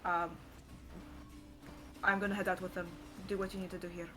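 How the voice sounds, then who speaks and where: A woman playing a tabletop game, chatting casually with quick asides. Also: fairly low pitch, flat delivery, background noise. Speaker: player. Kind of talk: tabletop role-play chat.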